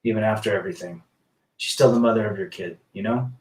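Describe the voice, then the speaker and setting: A man's voice: fairly low pitch, fast, darkish tone, distant mic. Man, live-stream host, blunt, rambling, roomy echo, mic set back from him. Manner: rambling and blunt, with many restarts. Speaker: live-stream host reading viewer chat. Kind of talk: casual live-stream chat.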